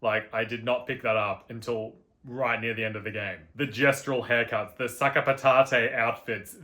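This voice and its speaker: A man's voice: medium pitch, pushed and bright. A man talking through his thoughts on a video game, reflective and enthusiastic, with casual asides. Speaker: gaming video host. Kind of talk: casual game review monologue.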